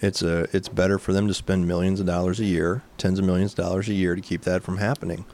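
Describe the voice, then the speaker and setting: Low-voiced male co-host. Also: flat delivery, fast, darkish tone. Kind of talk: casual talk show chat.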